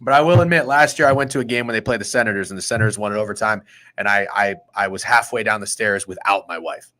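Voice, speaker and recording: A man's voice: lowish voice, quick pace, sharp tone. A man in his thirties hosting a sports betting podcast, brash, profane and trash-talking in casual chat. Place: podcast studio.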